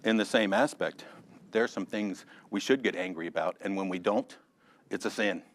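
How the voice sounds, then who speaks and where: Animated man teaching a Bible class. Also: deep voice, moderate pace. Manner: animated, addresses class members by name, jokes. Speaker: Sunday school teacher. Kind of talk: conversational Bible lesson.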